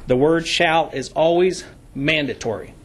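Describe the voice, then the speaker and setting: In a county commission meeting room, a man with a voice on the high side delivers formal public comment. He reads code sections in a deliberate, emphatic way, hitting key words hard.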